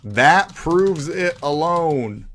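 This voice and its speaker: Male streamer, sarcastic and teasing; somewhat high, swooping voice that rises and falls a lot. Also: lively intonation, drawn-out words, fairly bright tone. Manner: sarcastic, mocking; reads other players' chat aloud. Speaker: game streamer. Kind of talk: live gameplay commentary.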